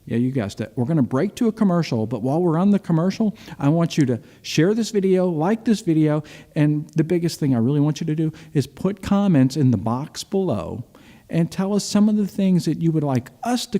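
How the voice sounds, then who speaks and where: A middle-aged man hosting a business advice show, speaking straight to his audience and telling stories with lively acted-out quotes. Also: on the high side. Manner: animated storyteller, acts out quotes. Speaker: host. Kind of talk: direct-to-camera business talk.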